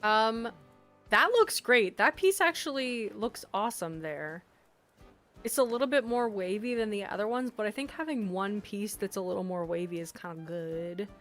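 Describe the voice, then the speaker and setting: A woman's voice: mid-range voice, animated, moderate pace, a bit bright. A woman live-streaming as she works on game designs, chatting casually with her chat, reading messages aloud and laughing often. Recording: faint background music.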